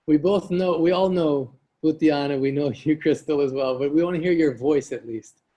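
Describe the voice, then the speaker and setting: Gushing man with a mellow, higher voice. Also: normal speed, lo-fi sound. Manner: effusive, gushing, chatty. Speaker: call host. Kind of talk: hosting a group video call. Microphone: video call.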